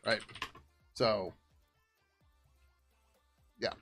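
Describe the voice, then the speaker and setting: A man's voice: on the low side, fairly even intonation, very slow, fairly bright tone, soft background music. A middle-aged man hosting a casual coding livestream, rambling and swearing now and then as he works at his desk. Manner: rambling, casual, swears, hums to himself while working. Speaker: livestream host and software developer.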